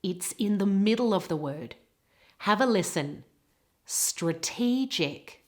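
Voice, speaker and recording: A woman with a British English accent teaching pronunciation, modelling words slowly and carefully. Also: medium pitch, expressive, a little mellow. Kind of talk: pronunciation lesson.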